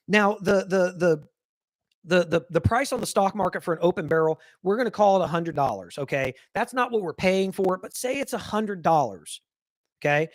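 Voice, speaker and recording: A man's voice: high voice, expressive, normal speed, no room sound. Guy ranting on his live show, swears a lot, keeps repeating himself, dry close sound. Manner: heated, profane, repeats himself. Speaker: podcast host. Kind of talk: ranting political commentary.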